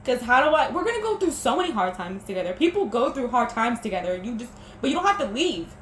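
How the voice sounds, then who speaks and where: A young woman with a high, sing-song voice talks fast in a personal vlog about her breakup. She's emotional, teary and sniffling, often stumbling and starting again. The recording carries room echo and faint background noise.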